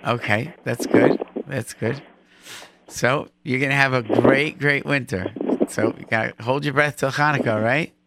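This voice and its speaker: A man's voice: medium pitch, steady tone, unhurried, heavy background noise. A man hosting a call-in radio show, chatty and encouraging, often repeating his phrases.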